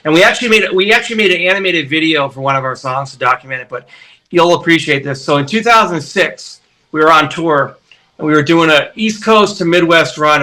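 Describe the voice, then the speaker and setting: A man in his forties, a musician guest, telling road stories casually and acting out the quotes. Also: fairly high pitch. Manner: animated storyteller, acts out quotes. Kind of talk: casual interview storytelling.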